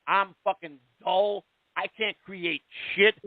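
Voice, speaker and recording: Man, radio call-in host. High and lively voice, profane and rambling, tinny dry line. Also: takes it slowly, dry recording. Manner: profane, rambling and heated, with many restarts. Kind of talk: casual call-in radio talk.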